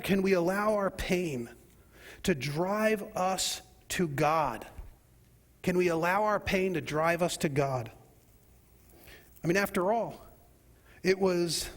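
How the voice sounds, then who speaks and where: A man preaching a sermon as pastor, asking rhetorical questions and leading the congregation in call-and-response, swinging between loud and quiet passages. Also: high voice. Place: church sanctuary. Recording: long hall reverb.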